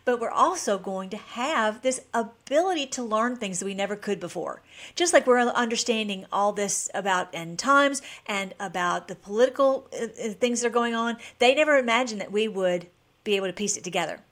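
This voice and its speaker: A woman's voice: on the high side, moderate pace, a bit bright. A woman hosting her own channel, talking in an enthusiastic, rambling way with frequent restarts. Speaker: channel host. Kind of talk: casual vlog chat.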